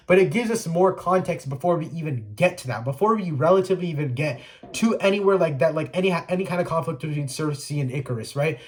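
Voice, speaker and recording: A man giving a casual spoiler review, chatty and full of "like" and restarts. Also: fairly high pitch. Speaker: movie reviewer.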